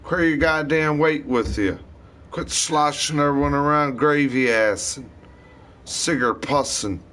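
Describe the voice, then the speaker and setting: A man with a slightly raised voice drags out a slow, profane, rambling rant, cursing at every turn. His thoughts wander and jump. A faint background hum sits under him. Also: on the high side, a bit bright. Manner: cursing constantly, disjointed and rambling. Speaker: vlogger.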